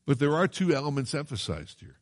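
A man preaches a Bible sermon in a conversational style, frequently putting questions to the congregation and quoting scripture in archaic wording. His mid-range voice moves through wide pitch swings at a slightly quick pace.

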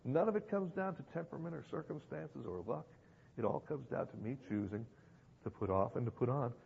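A man's voice: mid-range voice, lively intonation, fairly quick, vocal fry, slight background noise. A man preaching a sermon to a congregation, emphatic and given to repeating phrases and asking rhetorical questions. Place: church hall with an audience. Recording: dull lo-fi recording in a reverberant hall.

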